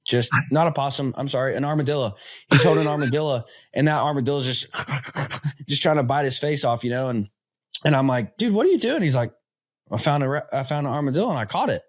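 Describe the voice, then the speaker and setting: A man's voice: medium pitch, a little fast. A man, hosting a casual interview chat and telling rambling stories full of fillers. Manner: rambling storyteller, chatty with fillers. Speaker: podcast host.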